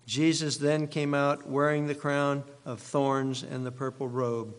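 A man's voice: mid-range voice, little pitch movement. Man preaching in a reverberant hall. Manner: measured, dramatic reading with emphatic quotes. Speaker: pastor. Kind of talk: sermon with scripture reading. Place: church sanctuary. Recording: long reverb of a large hall.

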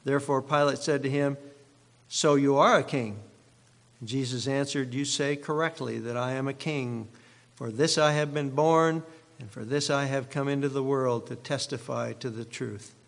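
A man, a pastor, reading scripture aloud and preaching in a sermon, with a measured and dramatic delivery. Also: medium pitch, fairly even intonation, gravelly. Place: church sanctuary. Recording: long reverb of a large hall.

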